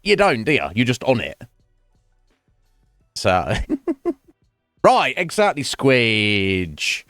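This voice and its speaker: A man's voice: medium pitch, huge pitch swings, takes it slowly, long pauses, a bit bright, no echo, faint music behind. A man streaming live, chatting casually with his viewers in a rambling, self-mocking way and swearing freely.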